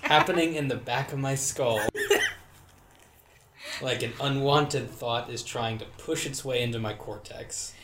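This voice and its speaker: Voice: mid-range voice, measured pace, very noisy. Quizzical co-host in an echoey room. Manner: quizzical, interrupting with questions. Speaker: podcast co-host. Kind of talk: casual chat.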